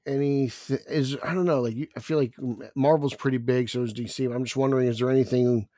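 A man's voice: medium pitch, steady tone, fast, mellow, no echo, clean studio sound. A man co-hosting a podcast, asking questions and joking in casual chat. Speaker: podcast co-host.

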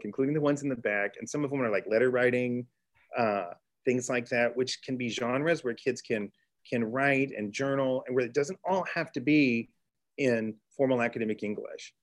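A middle-aged man from Texas, a teacher telling a classroom story in an interview, earnest, with restarts and excited bursts. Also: mid-range voice. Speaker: teacher and author guest. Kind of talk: storytelling in conversation.

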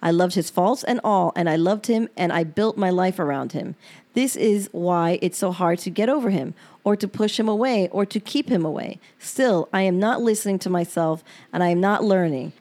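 Woman with a dark, mellow voice. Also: fairly low pitch, moderate pace. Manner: frank and emotional, with swearing. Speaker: podcast host reading her journal aloud. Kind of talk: reading personal diary entries aloud.

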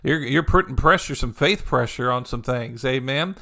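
Gravelly pastor preaching with frequent amens. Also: male voice, mid-range voice, normal speed, bright, forceful tone. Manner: conversational preaching with frequent "amen" and "you know"; repetitive, encouraging cadence. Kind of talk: sermon.

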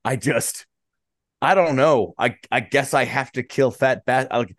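A man co-hosting a podcast, chatting casually in a halting way with many restarts. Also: medium pitch, fairly bright tone, no echo, clean studio sound. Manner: halting, restarts often, slow drawl. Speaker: podcast co-host. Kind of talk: casual banter.

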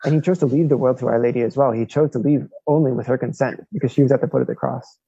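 A man's voice: mid-range voice, steady tone, quick pace, vocal fry, mellow, slightly rough, no echo, highs cut off. A man, a Franciscan friar, talking casually as a guest and leaning on "like" a lot. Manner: talkative, peppers speech with "like". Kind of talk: casual conversation. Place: Italy.

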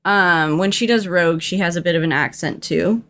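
A young woman co-hosting a casual movie podcast, animated and chatty, with lots of fillers and restarts. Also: fairly low pitch, moderate pace. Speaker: podcast co-host.

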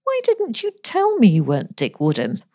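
A woman reading the lines of a reserved, wistful young heroine in a storybook, softly and hesitantly. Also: fairly high pitch, wildly swooping pitch, moderate pace, dry recording, clean studio sound, pitched above the performer's own voice. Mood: puzzled.

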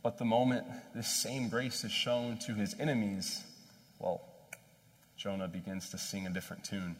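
A man preaching a sermon in a conversational, animated storytelling way, with self-deprecating asides. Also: mid-range voice, moderate pace. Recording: long hall reverb.

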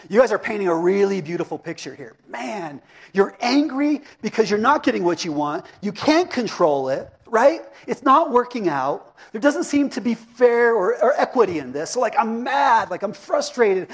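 A middle-aged man with a notably high voice gives a sermon. He preaches in a relaxed, conversational way, often stopping to ask the congregation questions and pick up their answers. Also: slightly rough. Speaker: pastor. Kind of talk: interactive sermon.

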